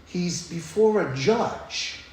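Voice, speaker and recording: A man's voice: high voice, animated, slow, a little mellow, slight background noise. Blunt, profane man in an echoey hall. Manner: blunt, profane, storytelling with frequent "right?". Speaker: speaker sharing his recovery story. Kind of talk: personal recovery talk. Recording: very echoey room, faint ambience.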